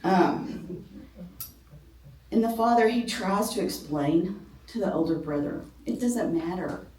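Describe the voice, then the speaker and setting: In a church classroom, captured distantly with a roomy sound, a middle-aged woman gives a casual Bible talk to a ladies' class. Her medium-pitched, darkish voice is slow but lively in intonation, sprinkled with ums and self-deprecating jokes.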